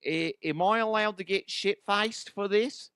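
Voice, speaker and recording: A man voicing a boozy, excitable party guy with an Australian accent. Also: unhurried, clean tone, no echo, studio quality. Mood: rowdy. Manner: high, excitable, rambling.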